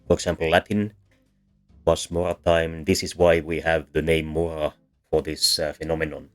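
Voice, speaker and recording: Deep-voiced man lecturing with hesitant pauses. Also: level tone. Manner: hesitant, many ums and self-corrections. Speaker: language teacher. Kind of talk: explanatory lecture while drawing.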